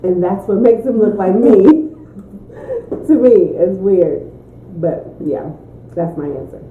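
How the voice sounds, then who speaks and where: A woman, a mother, chatting casually in a mukbang Q&A, a lively storyteller who laughs often. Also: mid-range voice, slow pace, slight background noise. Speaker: mother answering Q&A. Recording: tinny echoey room recording.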